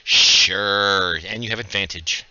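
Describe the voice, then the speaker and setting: A man running a livestreamed tabletop game as game master, casual and joking as he gives quick instructions over voice chat. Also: on the low side, fairly even intonation, pushed and bright, highs cut off, a little hiss or hum.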